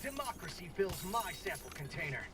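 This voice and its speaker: A man's voice: high voice, very animated, brisk. An actor playing a gung-ho male soldier who barks patriotic battlefield callouts, heard as a distant in-game voice under music.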